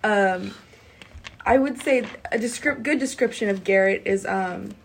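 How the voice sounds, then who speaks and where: A woman's voice: mid-range voice, unhurried, gravelly, a little hiss or hum. A woman introducing her character at a tabletop game, giggly and rambling with fillers. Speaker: player. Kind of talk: casual chat.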